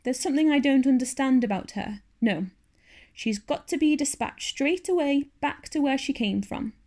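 A woman voicing a stern, sharp-tongued older spinster in a storybook reading. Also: high voice, lively intonation, moderate pace, pitched above the performer's own voice. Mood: stern, scolding. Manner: curt, stern, scolding.

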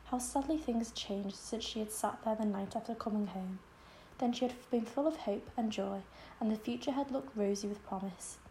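A woman narrates a classic novel in a calm, measured audiobook reading. Her voice sits a touch high yet sounds mellow and soft-edged, with a faint hiss behind it. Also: poor audio.

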